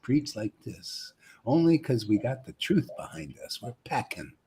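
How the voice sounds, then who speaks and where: A man leading an informal spiritual discussion on a live stream, preaching emphatically, tacking "man" onto his lines and swinging between mocking and excited. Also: medium pitch, a little slow, gravelly.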